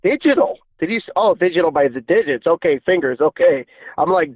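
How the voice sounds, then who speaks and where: A man's voice: on the high side, animated, normal speed, breathy edge, no echo. A man calling into a talk show, casual and dismissive, saying bro and laughing things off. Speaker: caller. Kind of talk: call-in debate. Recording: tinny phone line.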